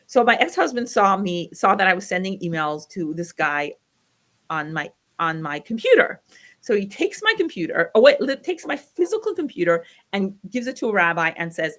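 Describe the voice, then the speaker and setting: A middle-aged American woman tells her personal story as an interview guest, speaking at medium pitch and a little fast. She retells it animatedly, acting out the voices of people she quotes.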